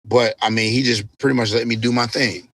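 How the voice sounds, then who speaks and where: A man, a DJ guest on an interview podcast, telling a story in a casual, animated way with plenty of swearing. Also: medium pitch, fairly quick, no room sound. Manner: animated, profanity-laced storytelling.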